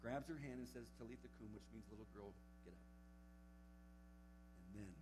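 A young man giving a camp sermon to teenagers, telling a Bible story with lively acted-out quotes. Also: lowish voice, normal speed, over music, rough recording. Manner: animated storytelling, acting out quotes. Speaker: camp speaker. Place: camp meeting hall.

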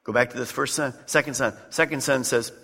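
A man preaches as pastor in a church sanctuary, the large hall adding long reverb. His medium-pitched voice is gravelly and sharp, steady in tone and brisk, as he speaks emphatically and conversationally with direct appeals to listeners.

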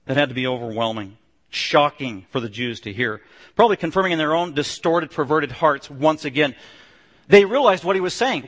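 Male pastor, higher-pitched, emphatic sermon delivery with hushed drops; long hall echo. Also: animated, normal speed. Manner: emphatic, swings between loud declarations and low hushed stretches.

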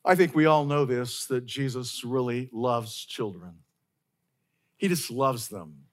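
Slow, earnest preaching man. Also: medium pitch. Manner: earnest, repeats key phrases for emphasis. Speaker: pastor. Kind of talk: sermon.

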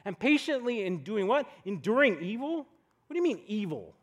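A man's voice: high voice, big pitch swings, moderate pace. A young adult man preaching a sermon in a conversational, storytelling way, full of rhetorical questions. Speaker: pastor. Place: church podcast recording.

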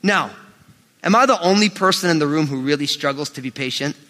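A man preaching a sermon as pastor, animated and emphatic, swinging between loud rises and quiet drops. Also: fairly high pitch, fairly quick. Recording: long hall reverb.

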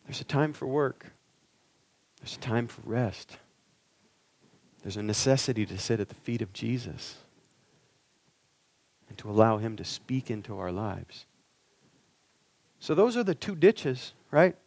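A man's voice: medium pitch, expressive, a little slow, gravelly, pauses often, a little mellow, dry recording. A male preacher giving an earnest sermon, pressing the listeners with rhetorical questions.

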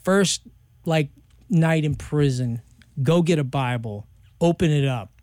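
A man telling a personal story as an interview guest, slangy and loose, acting out other people's lines in sudden high voices. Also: measured pace, darkish tone, dry recording, studio quality. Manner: acts out quoted voices, jumping high in pitch; loose, slangy, full of fillers. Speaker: interview guest, professional skateboarder.

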